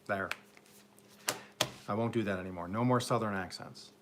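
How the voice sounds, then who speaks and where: Low-voiced upstate New York man. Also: moderate pace, noisy background. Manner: rambling, self-mocking, joking with chat viewers. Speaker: garden channel host. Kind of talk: live-stream casual chat. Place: home garden, Oklahoma.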